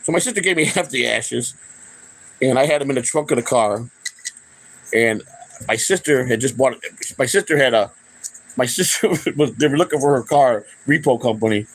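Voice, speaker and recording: A man's voice: mid-range voice, normal speed, long pauses, slightly rough, poor audio. A middle-aged man from Chicago, the host of his own channel, tells personal stories off the cuff, cursing freely and often restarting his sentences. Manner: rambling, profane, with frequent restarts. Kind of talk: unscripted personal storytelling.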